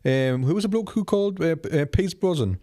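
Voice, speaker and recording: A man's voice: on the high side, animated, brisk, mellow. A man co-hosting a movie podcast, explaining points at length in casual chat. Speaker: podcast co-host.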